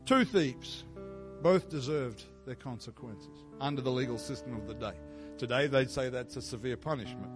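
A man giving a sermon as pastor in a church, moving from quiet reflective teaching into loud, fervent prayer. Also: mid-range voice, moderate pace. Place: church sanctuary. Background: soft instrumental music.

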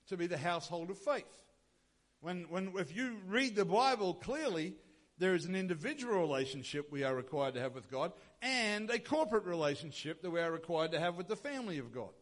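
A male pastor preaching a sermon, emphatic, with rhetorical questions and repeated phrases. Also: a little high.

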